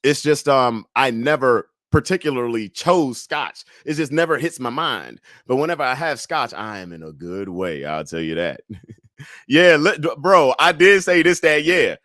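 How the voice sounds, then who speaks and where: A man hosting a casual live chat show, laid-back and chatty, laughing often, swearing freely and breaking into loud whoops. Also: medium pitch, sing-song, moderate pace, dry recording, studio quality. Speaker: livestream talk show host.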